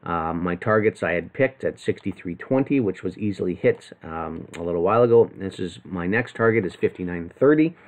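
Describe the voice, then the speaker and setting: Man, low voice, live trading commentary, casual and rambling with fillers. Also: expressive, fairly quick, few pauses, a little mellow. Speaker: trading analyst.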